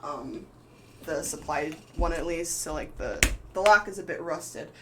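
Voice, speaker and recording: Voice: medium pitch, unhurried, noisy background. A game master narrating a live tabletop game in a loose, rambling way with many fillers.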